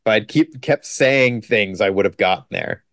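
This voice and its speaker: A man on a podcast, recapping a movie in casual, joking chat and tossing in quick mock quotes. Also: on the low side, fairly bright tone, no echo, studio quality. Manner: joking, sarcastic, quotes scenes in quick put-on lines. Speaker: podcast co-host.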